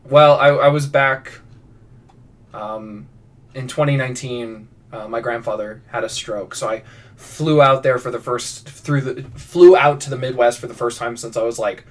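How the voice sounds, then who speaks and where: A man's voice: medium pitch, fairly even intonation, normal speed. A man live-streaming his writing, rambling casually through viewer prompts with lots of restarts and self-deprecating asides. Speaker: fiction writer live-streaming. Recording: voice somewhat far from mic.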